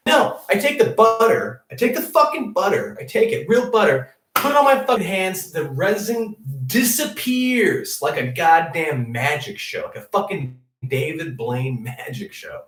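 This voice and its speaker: A man's voice: mid-range voice, moderate pace, slight background noise. Profane rambling man, echoey room. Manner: profane, laughing, animated storytelling. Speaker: comedic news show host. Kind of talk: rambling comedic monologue. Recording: echoey room, distant mic.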